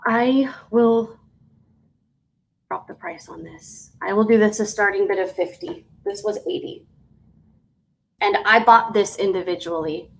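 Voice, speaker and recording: A woman selling jewelry on a live stream, chatty and unhurried, dropping to soft half-whispers and breaking into sing-song greetings. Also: medium pitch, very animated, creaky, low-quality recording. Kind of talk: live auction sales stream.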